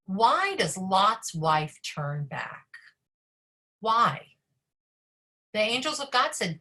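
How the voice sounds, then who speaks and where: Bright, fast-talking woman rabbi teaching. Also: medium pitch, big pitch swings. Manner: fast, chatty, many fillers and asides. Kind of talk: leading an online study session. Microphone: video call.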